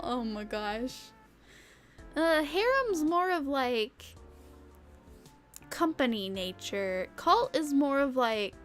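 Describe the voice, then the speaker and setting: A woman VTuber chatting casually with her stream chat in a playful, giggly way, slipping into sing-song bits now and then. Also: a little high. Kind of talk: casual live-stream chat reading comments.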